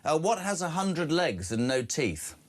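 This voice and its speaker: A man's voice: fairly high pitch, big pitch swings, a little slow. A man hosting a breakfast radio show, emphatic and jokey, reading out listener texts and phone numbers. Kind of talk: lively talk radio presenting.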